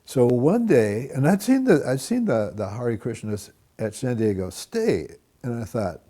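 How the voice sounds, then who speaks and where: A man recalling his student days in an animated storytelling way, acting out quoted voices and laughing. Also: measured pace, few pauses. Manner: acts out quoted voices with big pitch jumps, laughs. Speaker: interviewee recalling the past.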